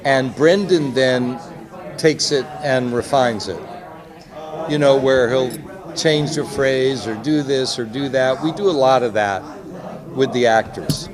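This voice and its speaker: A man's voice: mid-range voice, slow. Man in a noisy convention crowd. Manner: chatty, anecdotal, quotes others with lively voices. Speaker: executive producer and director. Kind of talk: convention press interview. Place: busy convention hall. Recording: crowd noise behind. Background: loud crowd chatter.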